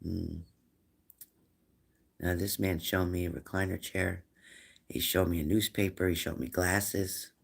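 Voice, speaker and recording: Man, psychic medium, live-stream reading, low voice, gravelly, repetitive probing questions. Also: little pitch movement, measured pace, pauses often.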